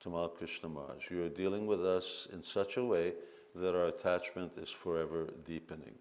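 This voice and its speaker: A man with a very deep voice reads a memoir aloud at a festival gathering. He reads at a measured pace and stops to lead call-and-response chants. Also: steady tone, darkish tone. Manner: reads quotes in a measured voice, breaks into leading chants. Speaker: speaker at a temple festival. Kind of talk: reading aloud and speaking to a gathering.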